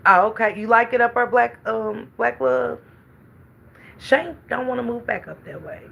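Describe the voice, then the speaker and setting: Chatty middle-aged woman with a gravelly edge. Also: on the high side, moderate pace, fairly bright tone. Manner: chatty, greets viewers by name. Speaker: livestream host chatting with viewers. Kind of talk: casual livestream chat.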